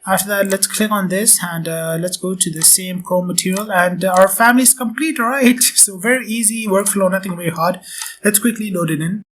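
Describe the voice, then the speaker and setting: A man with a sore throat walking through software steps quickly, repeating short instructions and filling gaps with "uh" and "and". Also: high voice, a little hiss or hum. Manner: rapid, repetitive step-by-step instructions with many fillers. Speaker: software tutorial presenter. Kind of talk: screen-recorded software walkthrough.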